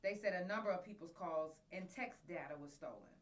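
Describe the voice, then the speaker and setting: A woman's voice: fairly low pitch, expressive, fairly quick, far from the mic. A woman hosting her own podcast, talking in loose, profane, slang-filled storytelling. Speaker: podcast host. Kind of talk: casual solo podcast talk.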